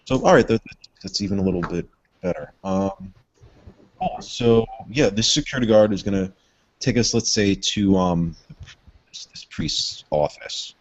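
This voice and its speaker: A man's voice: lowish voice, expressive, measured pace, muffled recording. A man running a tabletop role-playing game as game master, talking casually with rambling asides and swearing.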